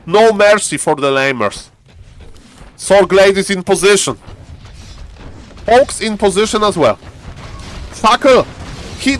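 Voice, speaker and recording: Playful male esports caster, slightly high voice. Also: slight background noise. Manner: playful, acts out players' thoughts in banter. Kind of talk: live game commentary.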